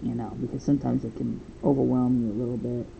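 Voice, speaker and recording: Gravelly guy in his twenties, slow rambly chat while drawing, dull lo-fi sound. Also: mid-range voice, flat delivery, a little hiss or hum. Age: 20s. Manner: rambling, thinking aloud. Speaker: comic artist.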